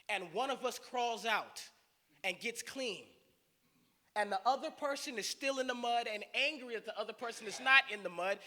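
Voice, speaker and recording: Male guest preacher, animated storyteller, bright tone, big echoey sanctuary with faint hiss. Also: extremely high pitch. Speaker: guest speaker. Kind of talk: sermon. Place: church sanctuary.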